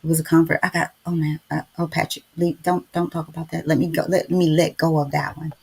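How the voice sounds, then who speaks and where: A woman's voice: deep voice, flat delivery, a little fast, gravelly, a little mellow, husky. A middle-aged woman, hosting a casual devotional live-stream chat and preaching to listeners. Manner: chatty, preachy, keeps addressing listeners as y'all. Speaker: podcast host.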